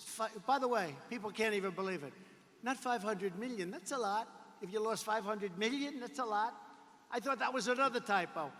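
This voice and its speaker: Forceful man giving a rally speech. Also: very high-pitched. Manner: emphatic, repetitive, digressive, boastful. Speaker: political speaker at a rally. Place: large arena. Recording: reverberant arena hall.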